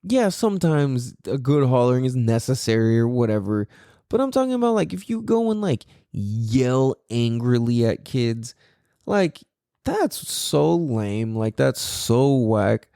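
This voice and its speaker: A man hosting a podcast, talking in a loose, animated, profane rant full of fillers. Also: medium pitch, a little slow, creaky, no room sound, clean studio sound. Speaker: podcast host.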